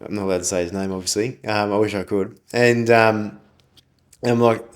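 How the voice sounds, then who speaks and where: A man's voice: fairly low pitch, flat delivery, fairly quick. A man, co-hosting a casual business podcast, ranting and swearing freely as he tells stories. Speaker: podcast co-host, business owner.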